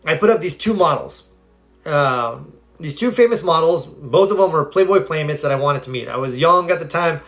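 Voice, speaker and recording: Earnest man telling stories on a live stream. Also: fairly high pitch. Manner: earnest, animated storyteller; answers viewer comments directly. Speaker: motivational speaker on a live stream. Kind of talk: casual live-stream talk, storytelling and advice.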